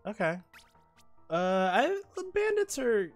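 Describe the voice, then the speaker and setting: A man's voice: high voice, wildly swooping pitch, measured pace, faint music behind. A man streaming a game, chatting and telling rambling stories in a playful, campy way. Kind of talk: casual game-stream chat.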